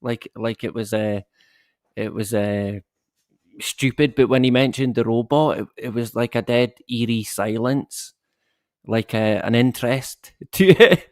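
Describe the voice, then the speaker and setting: A man's voice: mid-range voice, a little slow, a little mellow, no echo, studio quality. A man chatting as a guest, hesitant and laughing as he tells stories. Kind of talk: casual chat.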